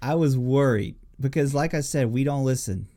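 Rambling, swearing podcast host with a mellow voice. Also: medium pitch, moderate pace. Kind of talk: casual podcast chat.

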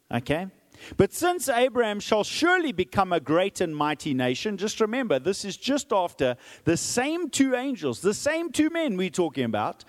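A pastor in his forties preaches a sermon in a voice a little high, with a big-room sound. He's animated, acting out the quotes and checking in with "okay?" often as he goes.

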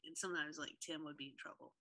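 Bright-voiced chatty woman co-host. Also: low-pitched, fast. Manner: chatty, laughs often, many fillers. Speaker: podcast co-host. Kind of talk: casual chat.

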